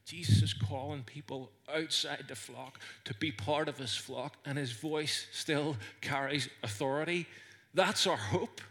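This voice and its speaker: Northern irish guy preaching in church, bright ringing voice, earnest storytelling. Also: a little high, measured pace. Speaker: pastor. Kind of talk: sermon. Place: church service.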